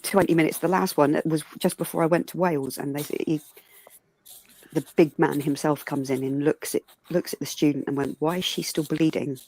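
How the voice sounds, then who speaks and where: A middle-aged woman on a livestream with a low, husky voice. She tells her story in a lively, sweary way. When she quotes people, her voice jumps up. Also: brisk, no echo. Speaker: livestream panel guest. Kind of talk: casual chat, storytelling.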